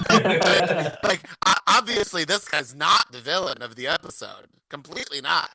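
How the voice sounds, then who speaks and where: A man co-hosting a casual podcast, sounding excitable and sarcastic as he tumbles over his own restarts. His voice is very bright and a bit high for a man, recorded close and dry. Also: normal speed, breathy edge, no room sound, poor audio. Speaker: podcast co-host. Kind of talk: casual recap chat.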